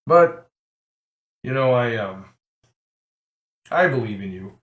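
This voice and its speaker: A man voicing a huge, gruff Goliath who is dry and straightforward. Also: mid-range voice, lively intonation, slow pace. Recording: echoey room.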